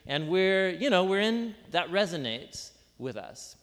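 A man's voice: high voice, big pitch swings, unhurried, fairly bright tone. A man preaching a sermon as pastor in an informal, conversational way, full of asides, rhetorical questions and self-deprecating jokes, speaking to a live congregation. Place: large room with a live congregation. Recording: long reverb of a large hall.

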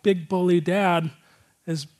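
A man's voice: high-pitched, fairly even intonation, takes it slowly, a little mellow. A male pastor giving a casual, conversational sermon, earnest and rambling, with a lot of filler words.

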